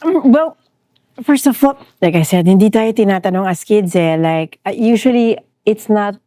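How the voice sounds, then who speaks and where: A middle-aged Filipino woman with a Filipino accent talks as a guest therapist on a podcast. Her delivery is animated and expressive, and the recording is close and dry. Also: mid-range voice, normal speed, dry recording. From Philippines. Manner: animated, switches between English and Tagalog. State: grieving. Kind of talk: conversational podcast interview.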